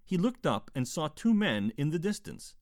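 A man narrating a historical adventure novel in a measured storytelling voice, lightly voicing the characters' dialogue. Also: a little high, big pitch swings, a little mellow, dry recording, studio quality. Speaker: audiobook narrator. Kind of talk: scripted narration.

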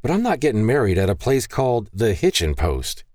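A man's voice: lowish voice, sing-song, darkish tone, no room sound, clean studio sound, voice pushed up. A man voicing a playful, petite young woman about to be married, with a sassy, teasing manner. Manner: sassy, quick retorts.

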